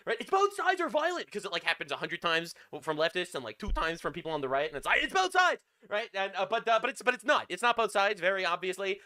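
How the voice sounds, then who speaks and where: Fast, high, sharp-voiced ranting man. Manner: crude, sarcastic and mocking. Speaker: live-stream news commentator. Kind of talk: ranting news reaction stream.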